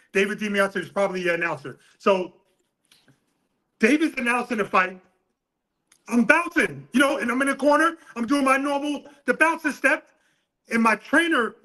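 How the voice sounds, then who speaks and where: The audio is rough, and the voice sits high: a middle-aged New York City boxing coach in a casual interview. He tells an animated story full of laughter and swearing.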